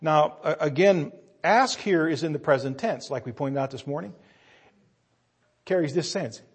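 A man with a husky, slightly high voice preaches a sermon. He acts out a story in changing voices and climbs to loud, forceful emphasis. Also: normal speed. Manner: acts out scenes in different voices, rising to loud emphatic peaks.

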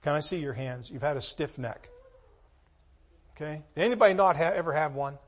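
Emphatic preacher man, somewhat high voice. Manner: emphatic, dramatic swings from hushed to loud; reads scripture in slow, measured tones. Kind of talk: sermon.

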